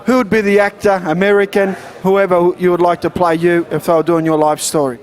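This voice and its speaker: A man's voice: high-pitched, little pitch movement, brisk. A man hosting a boxing interview show, asking upbeat promotional questions.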